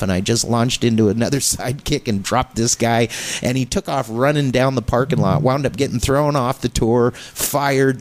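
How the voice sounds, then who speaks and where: Man, middle-aged, comedian, radio talk show, casual storytelling, animated. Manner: animated anecdote-telling, pitch jumps when excited.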